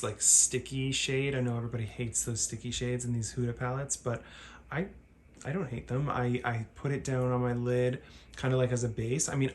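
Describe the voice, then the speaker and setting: A man's voice: medium pitch, slight background noise. Chatty man rambling through a makeup tutorial. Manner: rambling, self-correcting, laughs at himself. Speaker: makeup vlogger.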